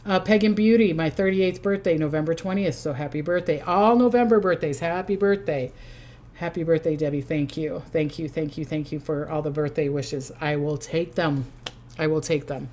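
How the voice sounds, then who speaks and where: Older woman, Minnesota accent, lowish voice, rambling and chatty as a psychic hosting a casual livestream. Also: fairly even intonation, normal speed, darkish tone, a little hiss or hum. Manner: chatty and rambling, reading out viewer comments. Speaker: psychic host.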